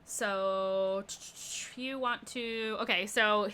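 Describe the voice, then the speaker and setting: A woman's voice: medium pitch, steady tone, extremely slow, pushed and bright, clear, resonant tone. A woman narrating as game master, slipping into townsfolk voices now and then.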